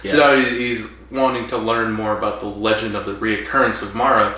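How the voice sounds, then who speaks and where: A man co-hosting a casual podcast chat, recapping an episode and acting out characters' lines in quick put-on voices. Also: on the low side, steady tone, bright, forceful tone. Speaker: podcast co-host. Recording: echoey room, far from mic, faint hiss.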